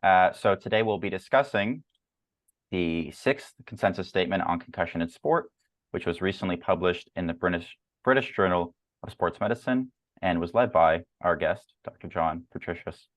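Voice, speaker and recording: A man hosts an academic journal club over a video call and walks through slides in a measured, filler-laden way. His voice sits very low. The sound is dry and close. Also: dry recording. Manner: measured, with frequent fillers and repeated words.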